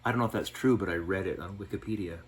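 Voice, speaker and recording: A man's voice: deep voice, very fast. A man co-hosting a cooking show, chatting casually and cracking rambling, playful jokes as he works.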